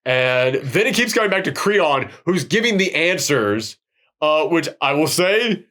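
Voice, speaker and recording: A man hosting a podcast, recapping a low-budget horror film in an excitable, rambling way and swearing freely. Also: unhurried. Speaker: podcast host. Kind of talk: casual film recap chat.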